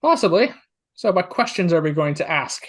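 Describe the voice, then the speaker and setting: A man's voice: a little high, big pitch swings, normal speed. Rambling male game master. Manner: rambling, with many restarts and hedging words. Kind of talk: narrating a tabletop game.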